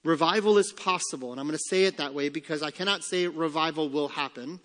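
Pastor guy preaching, kinda high voice, long echo off the church walls. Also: a bit bright. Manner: emphatic preaching, slowing and rising on key phrases. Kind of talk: sermon. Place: church sanctuary. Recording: long church hall reverb.

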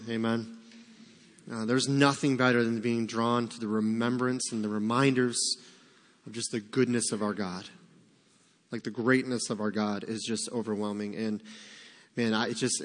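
A man preaching a sermon as pastor, speaking in a heartfelt, halting way with many fillers. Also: on the low side, level tone, long reverb tail. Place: church sanctuary.

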